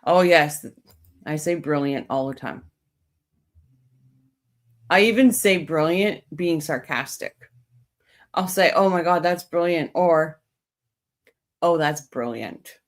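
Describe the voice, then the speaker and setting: A woman's voice: fairly low pitch, slow, pauses often. A woman hosting a true crime livestream, chatting casually with viewers and reading their comments while coming down with a cold.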